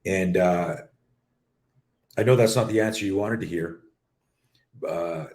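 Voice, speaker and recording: A middle-aged Canadian man with a low, unhurried voice hosts a live talk show from his home office, where the sound is reverberant. He's a self-defense coach and an animated, rambling storyteller who swears casually on the live stream.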